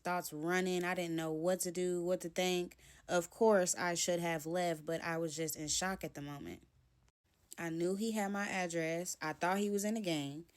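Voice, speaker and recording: A young woman telling a personal story to camera, animatedly acting out both sides of an argument. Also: fairly low pitch. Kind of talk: storytime vlog.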